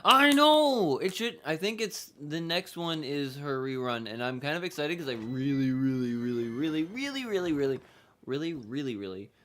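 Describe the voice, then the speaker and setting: A man at middle pitch talks through his game session in a loose, rambling way. He circles back on his words and repeats himself. Casual swearing slips into his commentary. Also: very animated, normal speed, slight background noise. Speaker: gaming streamer.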